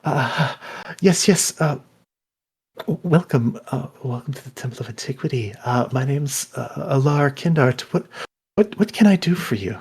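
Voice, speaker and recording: A man's voice: mid-range voice, expressive, normal speed, a little mellow, slightly rough. A man voicing a shy, flustered young priestess woman who stammers and hesitates politely in a tabletop game.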